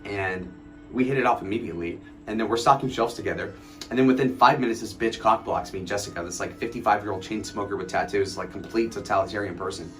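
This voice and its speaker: Faint music sits behind a man in his twenties whose low-ish voice moves quickly with a fairly bright tone. Chatting late at night on his livestream, he swears, mocks people, and rambles while answering chat messages he reads aloud.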